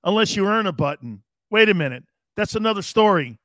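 A man hosting a live sports talk show, animated and joking, laughing often and swearing casually as he reads the chat. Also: high voice, a little fast, dry recording, studio quality. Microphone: studio mic he adjusts himself.

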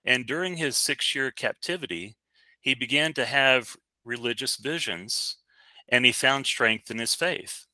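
A man's voice: medium pitch, measured pace, bright, forceful tone, dry recording. A man co-hosting a casual podcast, talking in a chatty, rambling way with many fillers and restarts. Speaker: podcast co-host. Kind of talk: casual podcast movie review.

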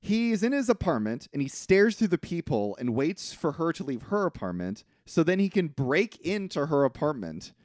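A man co-hosting a podcast, casually recapping a film in an animated way, acting out quotes and often hedging. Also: on the high side, normal speed, few pauses, dry recording, clean studio sound. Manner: animated retelling with acted-out quotes, frequent hedging. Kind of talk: casual chat.

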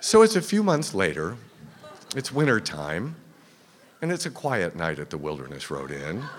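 On a theater stage, a man with a low voice and huge pitch swings tells a true story in the first person at a moderate pace. The telling is dramatic, dropping to a whisper at tense moments, with a crowd audible and the long reverb of a live hall.

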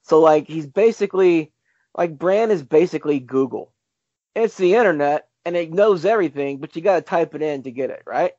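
A man hosting a casual podcast chat, animated and arguing his point with rhetorical questions. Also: a little high, a little fast, no room sound. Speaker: podcast host. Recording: dull lo-fi sound.

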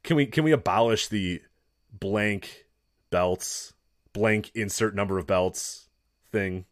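A man co-hosting a casual wrestling review podcast, ranting with profanity and mocking announcers in shrill put-on voices. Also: takes it slowly, dry recording, clean studio sound. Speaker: podcast co-host.

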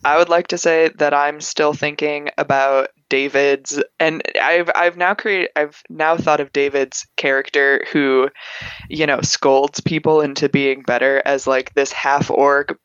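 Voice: mid-range voice, flat delivery, measured pace, fairly bright tone, clear, resonant tone, dry recording, dull audio. A new player in a casual chat about a tabletop game, talking in a rambling, filler-heavy way. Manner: chatty, rambling, many fillers.

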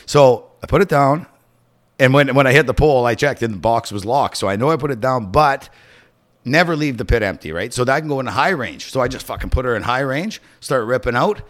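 A man's voice: medium pitch, lively intonation, brisk, fairly bright tone. A middle-aged man hosting a podcast, telling a rambling, profane story in casual chat. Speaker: podcast host.

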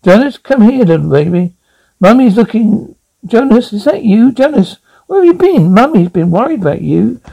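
A woman's voice: fairly high pitch, sing-song, fairly quick, few pauses, mellow. An actress playing a middle-aged wife who fusses over her pets in a cooing voice. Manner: cooing, fussing, frantic.

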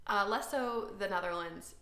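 Chatty American woman with a gravelly edge. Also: medium pitch, normal speed, a bit bright. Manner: chatty, self-deprecating, many fillers. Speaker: podcast co-host. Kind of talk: casual chat. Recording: echoey room.

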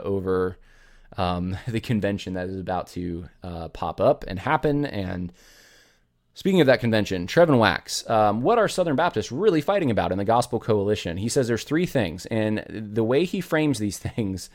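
A man hosting a commentary podcast, arguing his points with rhetorical retorts, talking in digressions and quick restarts. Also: lowish voice, darkish tone. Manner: rhetorical and emphatic, full of "how about" retorts; thinks aloud with many restarts and digressions. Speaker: podcast host. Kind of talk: opinionated commentary.

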